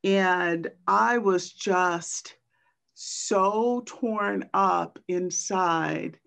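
A woman poet and teacher tells stories on a video call, slow and halting with many pauses and fillers. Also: mid-range voice, gravelly, a bit bright. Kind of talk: reflective storytelling in a virtual book talk.

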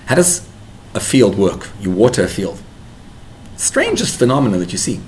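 A man teaches a Torah class to parents in a rather low voice. He talks animatedly and pushes into emphatic bursts. A faint hiss of background noise sits behind him. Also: huge pitch swings, normal speed. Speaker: rabbi.

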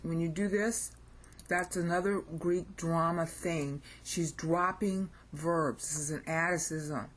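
A woman's voice: on the low side, fairly even intonation, slow. A woman with an American accent giving an informal recorded lesson, thinking aloud and often checking in with "okay?". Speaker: language teacher.

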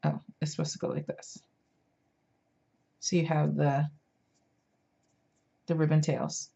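A woman's voice: deep voice, big pitch swings, slow pace, creaky, dark tone, dull audio. A tired woman showing craft supplies in a casual, chatty vlog, gushing over each item with plenty of fillers. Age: adult parent. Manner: chatty, enthusiastic, many fillers. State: tired, yawning. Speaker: craft vlogger. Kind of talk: casual show-and-tell.

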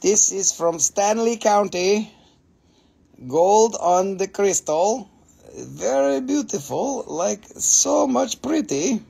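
A man with an Appalachian accent hosting a live mineral sale, excitable and jokey, swearing casually as he talks. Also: sits high, slow, gravelly, husky.

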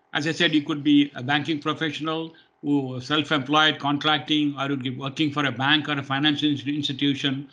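Guy presenting a webinar, bright tone, explains stuff w lots of uhs. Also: fairly high pitch. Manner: plain and explanatory, with many fillers. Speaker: webinar presenter, training firm head.

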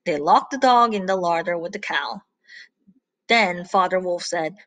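A woman reading a children's story aloud in an animated way, pausing to ask her listeners questions. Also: lowish voice, no room sound.

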